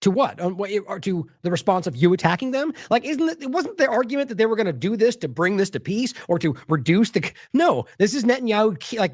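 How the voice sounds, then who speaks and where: A man giving solo news commentary, sarcastic and animated, mocking the lines he quotes in put-on voices and restarting often as he scrolls his sources. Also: sits high, fast, hardly any pauses, no room sound, clean studio sound. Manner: talks in bursts with restarts while scrolling sources.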